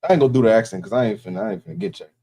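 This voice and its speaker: A man with a dark, mellow voice preaches at a quick clip. He talks with emphasis, presses his warnings home, and keeps checking that his listener follows. Faint noise sits behind him. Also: medium pitch, very animated, creaky. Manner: emphatic, warning tone, keeps asking "you know what I'm saying". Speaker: religious teacher. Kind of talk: preaching in casual talk.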